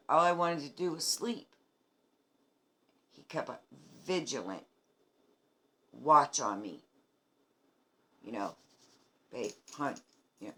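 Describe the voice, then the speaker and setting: Slow, earnest grandmother from New England. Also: a bass voice. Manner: earnest and emphatic, speaking straight to viewers. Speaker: cancer patient sharing her treatment journey. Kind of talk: heartfelt personal video diary.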